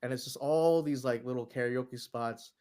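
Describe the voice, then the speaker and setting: A man's voice: medium pitch, moderate pace, a little mellow, clean tone. A man from New York telling a long, rambling travel story in casual chat, swearing and laughing as he goes. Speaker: guest.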